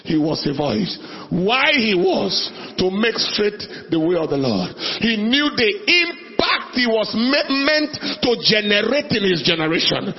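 A man preaching a sermon with passion, shouting scripture and drawing out his phrases. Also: high voice, very animated, a little slow, hardly any pauses, muffled recording.

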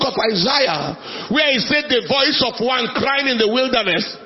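A man preaching a sermon with passion, shouting scripture and drawing out his phrases. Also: extremely high pitch, expressive, normal speed, muffled recording.

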